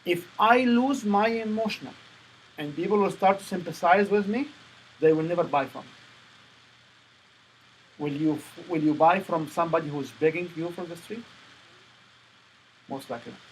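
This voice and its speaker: Guy running a sales workshop, kinda high voice, firm and lecturing, faint noise behind. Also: normal speed, pauses often, darkish tone, low-quality recording. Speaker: sales presentation coach. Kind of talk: workshop coaching.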